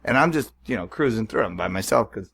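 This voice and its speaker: Animated man telling a story. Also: on the low side, fast, gravelly. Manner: animated storyteller, swears, acts out voices. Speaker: podcast co-host. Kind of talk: casual chat.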